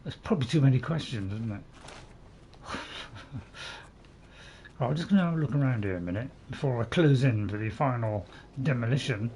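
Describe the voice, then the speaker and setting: A man's voice: medium pitch, animated, fairly quick, long pauses, warm tone, a little hiss or hum. A man hosting a casual let's-play, rambling and chatting to his viewers as he plays. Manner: rambling, self-admitted waffler; chatty, talks to viewers in chat. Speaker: gaming channel host.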